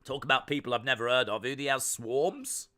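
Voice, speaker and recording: A man's voice: mid-range voice, brisk, pushed and bright. A man hosting a fight-night watch-along stream, chatting casually, reading chat messages and making jokey asides.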